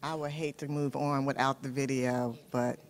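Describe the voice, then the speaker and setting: A woman's voice: rumbling low, level tone, normal speed, long reverb tail. A woman preaching a sermon, telling a story with animation and speaking straight to her listeners.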